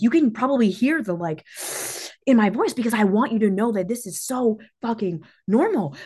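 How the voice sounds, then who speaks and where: A woman's voice: on the high side, a little mellow. A woman hosting a solo motivational talk, intense and emphatic, swearing freely, her voice shaky with emotion. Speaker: podcast host and business coach.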